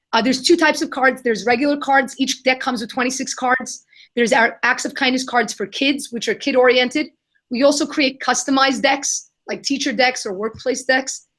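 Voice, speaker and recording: A young adult woman answering questions in a live Q&A, telling an animated story and acting out the voices of the people in it. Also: high voice. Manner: animated, acts out quoted voices. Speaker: guest, kindness nonprofit founder.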